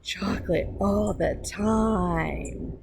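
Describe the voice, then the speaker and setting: Storybook boy, stubborn and insistent, voiced by a woman reader, lively pitch, noisy recording. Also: unhurried, vocal fry, full character voice. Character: young boy who loves chocolate. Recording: background noise.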